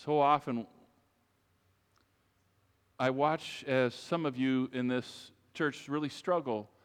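A man's voice: medium pitch, fairly even intonation, slow, smooth. Man preaching in a reverberant church. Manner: emphatic preaching with repeated phrases, addresses the congregation directly. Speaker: pastor. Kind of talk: sermon. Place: church sanctuary. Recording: long reverb of a large church.

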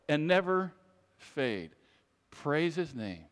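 His voice sits high and is a bit bright as this pastor preaches, animated though a little slow. He addresses his congregation directly in an emphatic, repetitive sermon, with the long reverb of a large church around him.

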